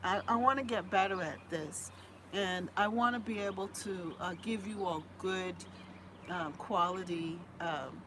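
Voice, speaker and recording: A woman's voice: mid-range voice, a little slow, background noise. A woman hosting a live gardening stream, chatting with viewers in an effusive way and singing a little jingle, recorded on a phone. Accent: Boston. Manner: warm, effusive, sings a homemade jingle. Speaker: gardening channel host.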